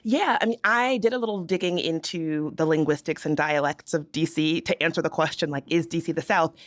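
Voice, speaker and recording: A young Southern American woman co-hosts a podcast, speaking in a low, fairly quick voice. She chats casually and explains things with humorous asides.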